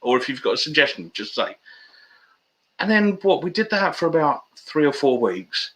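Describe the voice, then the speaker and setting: A man's voice: on the high side, sing-song, moderate pace, a bit bright, low-quality recording. A man, a guest telling stories in casual, matey banter on a video-call interview. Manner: chatty storyteller, matey banter.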